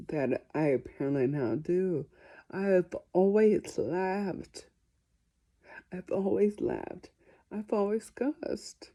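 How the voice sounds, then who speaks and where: A woman's voice: on the low side, mellow. A woman answering viewer questions in a casual vlog, chatty and self-deprecating.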